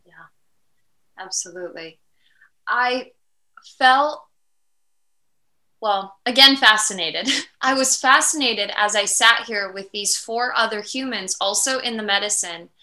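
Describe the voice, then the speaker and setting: Bright, reflective woman guest in an echoey room. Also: medium pitch, unhurried, long pauses. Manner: reflective, animated, mimics inner voices. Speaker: podcast guest. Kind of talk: conversational interview.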